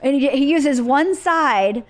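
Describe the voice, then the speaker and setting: A woman's voice: high-pitched, expressive, slow pace. A woman talking as a podcast guest in casual chat, candid and joking, laughing often.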